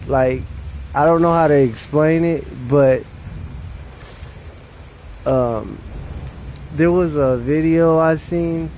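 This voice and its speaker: A man's voice: fairly high pitch, slow pace, long pauses, darkish tone, slight background noise. A young adult man streaming a game late at night, chatting casually in a rambling, profane way with restarts.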